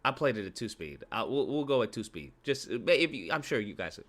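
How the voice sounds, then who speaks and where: A man's voice: mid-range voice, big pitch swings, brisk, fairly bright tone. A young man ranting animatedly as a YouTube commentator, slipping into exaggerated mock voices. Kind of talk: reaction rant.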